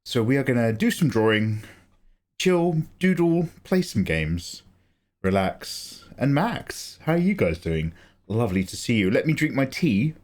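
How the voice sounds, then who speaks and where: A man's voice: medium pitch, big pitch swings, a little slow, darkish tone. A man hosting a casual livestream, greeting viewers by name in a chatty way and laughing often. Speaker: art livestream host.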